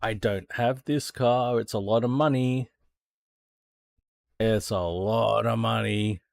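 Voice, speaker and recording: A man's voice: fairly low pitch, steady tone, slow, vocal fry, no room sound, clean studio sound. An Australian man streaming a racing sim, chatting casually to viewers, thinking aloud and swearing freely. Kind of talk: casual gameplay chat.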